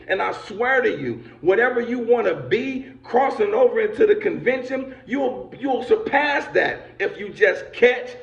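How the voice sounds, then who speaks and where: Man, high gravelly voice, rousing motivational speaker with preacher fervor; echoey, lo-fi video call. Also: expressive, unhurried, hardly any pauses. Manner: builds to shouting, preacher-like fervor.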